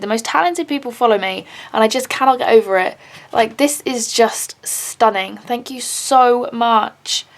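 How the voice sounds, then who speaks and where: A woman vlogging as she unboxes gifts, gushing and excitable. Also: on the high side. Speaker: YouTuber. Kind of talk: unboxing vlog.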